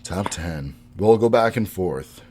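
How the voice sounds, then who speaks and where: Deep-voiced man chatting on a podcast. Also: expressive, slow pace, dark tone, a little hiss or hum. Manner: rambling, laughs often. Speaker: podcast co-host. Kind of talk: casual chat.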